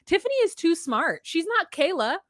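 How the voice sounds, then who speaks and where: A young woman co-hosting a casual recap chat, animated, acting out quotes in exaggerated voices. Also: extremely high pitch, normal speed, no room sound, studio quality. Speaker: podcast co-host.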